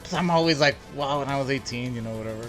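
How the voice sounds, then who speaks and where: A man's voice: mid-range voice, fast talker, a bit bright, faint music behind. A man co-hosting a casual podcast, telling crude stories with lots of swearing and laughter. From El Paso, Texas. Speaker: podcast co-host. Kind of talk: casual chat, crude storytelling.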